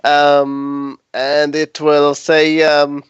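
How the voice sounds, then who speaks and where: A man playing a tabletop game, hesitant with many ums and quick to giggle. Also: on the high side, a bit bright, clean tone, no room sound, highs cut off. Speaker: player. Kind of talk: tabletop role-play.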